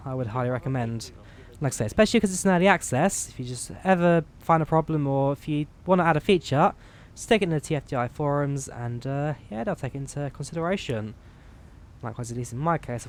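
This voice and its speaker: A man from the UK giving relaxed, chatty commentary while flying a flight simulator, explaining each menu as he clicks through it on a headset mic. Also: mid-range voice, a little hiss or hum. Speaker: flight sim streamer. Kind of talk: casual gameplay commentary.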